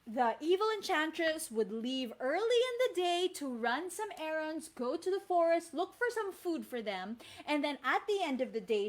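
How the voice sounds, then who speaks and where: A woman from the Philippines, a teacher, telling a fairy tale live to children and speaking to them directly. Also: high-pitched. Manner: animated, addresses kids directly. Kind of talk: live storytelling for kids.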